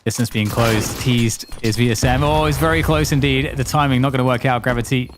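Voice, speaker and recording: A man calls an esports match play by play at a middle pitch. His calls come in short, punchy phrases. A faint hiss sits behind the voice. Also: steady tone. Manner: quick, clipped play-by-play calls. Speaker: esports commentator. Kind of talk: play-by-play commentary.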